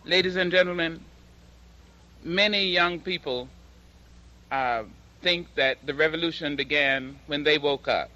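A woman giving a slow, dramatic public speech and reciting poetry with emphatic delivery. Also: deep voice, pushed and bright, dull audio. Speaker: public speaker and poet.

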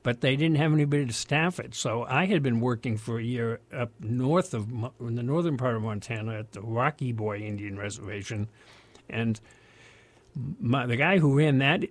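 A man's voice: medium pitch, normal speed. An older American man telling a long personal story in a loose, rambling way, full of restarts and fillers. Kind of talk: casual spoken storytelling.

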